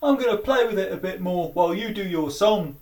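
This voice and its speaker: A woman voicing a deadpan cow puppet. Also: medium pitch, brisk, distant mic, natural voice. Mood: dry. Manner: deadpan, matter-of-fact quips. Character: cow puppet, young male, dry and easily bored. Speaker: puppet sidekick.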